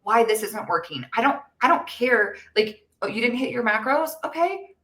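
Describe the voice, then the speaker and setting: Candid, chatty woman coach, mid pitch, roomy echoey sound. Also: expressive, normal speed, fairly bright tone. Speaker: fitness coach. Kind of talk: casual podcast chat.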